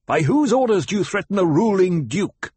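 A man's voice: medium pitch, lively intonation, moderate pace, slightly rough, no echo, pitched above the performer's own voice. A man reading an audiobook, voicing a young duke who barks commands at armed fighters. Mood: shouting commands. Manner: commanding, shouting orders. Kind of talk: audiobook character voice.

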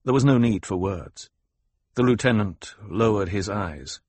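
A man narrating an audiobook in a steady, measured way. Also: lowish voice, breathy edge, dry recording. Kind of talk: scripted narration.

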